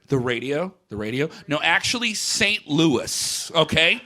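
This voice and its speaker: A man telling a comic story live on stage to an audience, sliding from hushed deadpan asides into shouted, profane rants. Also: fairly high pitch, unhurried, few pauses. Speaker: comedian doing stand-up bit. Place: live event venue with audience.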